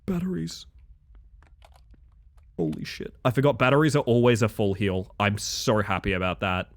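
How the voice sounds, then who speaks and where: Speaking at a moderate pace in a fairly low voice, a man streams a horror game live and chats with his audience. His commentary is casual and animated, with plenty of swearing.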